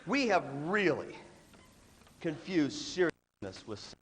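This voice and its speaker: Man, leadership workshop, animated delivery, joking, sudden shouts, very expressive pitch, faint room noise. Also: slow pace, long reverb tail. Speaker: leadership speaker. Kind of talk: motivational workshop talk. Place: large hall with a student audience.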